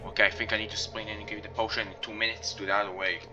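A man's voice: on the low side, flat delivery, rapid-fire, muffled recording. A man giving live horror game commentary in broken, non-native English, panicky and exclaiming. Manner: panicky, exclaiming, swears under stress. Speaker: gameplay commentator. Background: loud game music.

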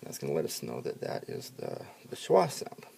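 A man teaching a spelling lesson to students, upbeat when addressing the class and dropping to quiet asides while he writes. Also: a bass voice, huge pitch swings, normal speed, gravelly, breathy edge. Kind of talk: classroom instruction video.

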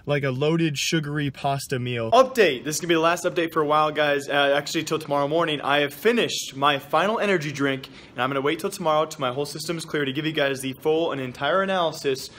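Young guy vlogging, quick and chatty, kinda high voice, hyped to the camera. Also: fairly bright tone. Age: young adult. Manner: upbeat, chatty, addresses viewers as guys. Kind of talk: casual vlog to camera. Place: at home, in a stairwell, at a gym.

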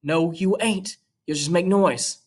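Man reading as a stubborn teen boy, firm, curt, quietly determined, fairly high voice. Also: a little slow.

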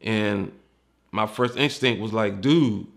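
This retired DC homicide detective talks slowly in a lowish, gravelly voice, looking back on his career in casual personal storytelling. He doesn't hold back: he's candid, swears freely, and performs the voices of whoever he's quoting.

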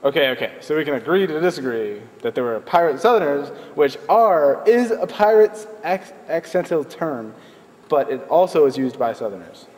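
A man's voice: fairly high pitch, very animated, moderate pace, a little mellow. A young man in a comedy sketch, questioning his partner with exasperation. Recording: echoey room from a distance, noisy.

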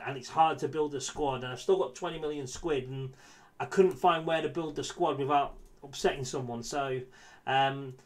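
Frustrated with his football management game, a gaming YouTuber swears and addresses his viewers in a casual running commentary. His voice is a little high.

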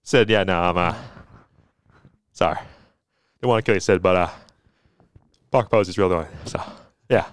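A man putting on a sheepish male killer who mumbles a halting apology, as a comic podcast bit. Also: low-pitched, no echo, pitched below the performer's own voice, lightly acted.

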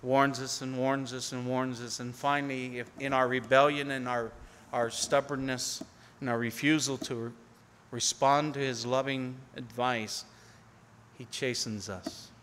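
A man preaching a sermon as pastor, earnestly, rising to pleading appeals and falling to near-hushed tones. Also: medium pitch, little pitch movement, a little slow, a little hiss or hum. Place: church sanctuary. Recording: long hall reverb.

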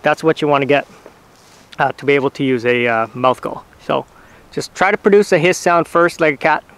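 A man hosting his own outdoors channel, casually explaining step by step in short, halting phrases. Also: fairly high pitch, clean tone. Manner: relaxed, patient, talks in short halting phrases with fillers. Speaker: hunting channel host teaching turkey calls. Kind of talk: casual how-to instruction.

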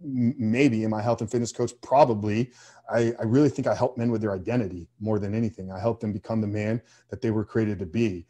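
A man's voice: on the low side, steady tone, fairly quick, warm tone. A man speaking as a guest coach on a podcast, answering earnestly with frequent fillers and restarts. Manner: earnest, faith-driven, with many fillers.

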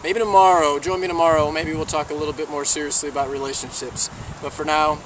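A chatty man with a fairly high voice tells a playful joke to his own camera on a beach. He sounds a little far from the mic, with steady outdoor noise around him. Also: fast. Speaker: vlogger telling a joke. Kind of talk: casual joke-telling to camera. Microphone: handheld camera.

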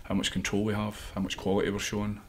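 A man's voice: fairly low pitch, monotone, quick pace, slightly rough. A man, an assistant football coach, giving earnest interview answers and thinking aloud with frequent restarts.

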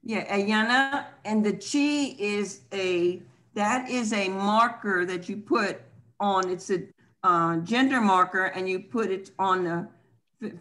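Woman teacher on a video call, patient, explains each point slowly and clearly. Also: mid-range voice, a bit bright. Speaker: language teacher. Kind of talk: online language class.

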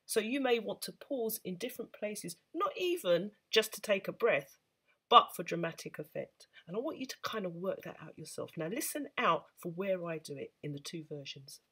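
Patient woman teaching beginner sax, bright and a touch husky. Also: mid-range voice, big pitch swings, moderate pace. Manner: patient, encouraging, explains step by step. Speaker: saxophone teacher. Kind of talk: instructional talk to camera.

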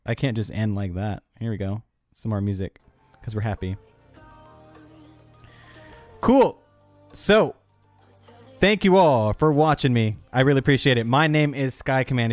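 A man's voice: mid-range voice, dry recording, studio quality. A man streaming live, chatting casually and upbeat with his viewers.

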